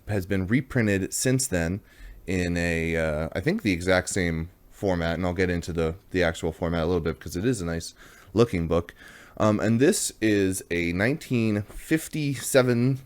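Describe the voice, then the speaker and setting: A man with a very low voice talks casually through a comics review he hosts. He rambles in a friendly, chatty way and pokes fun at himself along the way. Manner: chatty, rambling, self-deprecating.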